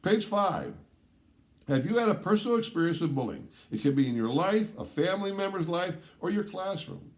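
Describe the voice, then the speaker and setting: A man with a fairly high speaking voice lays out the course requirements for his students one step at a time. He stresses the words that matter and keeps checking in with a quick "all right?". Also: big pitch swings. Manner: emphatic, stresses key words. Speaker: course instructor.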